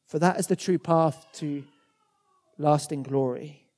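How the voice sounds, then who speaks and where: A man's voice: a little high, a little slow, darkish tone. A man preaching a sermon in a conversational way, often repeating words as he goes. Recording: long hall reverb.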